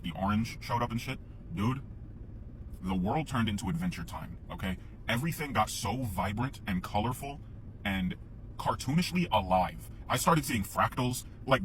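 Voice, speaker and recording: A man's voice: fairly low pitch, fairly bright tone, slight background noise, rough recording. A man telling a casual, rambling story to camera, swearing freely and often laughing.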